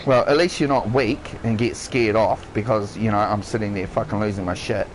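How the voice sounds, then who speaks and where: A man with a fairly low voice and fairly even intonation speaks at normal speed in a low-quality recording with slight background noise. He has a New Zealand accent and rants heatedly on a live game stream, swearing constantly, shouting and dropping his voice, and repeating himself.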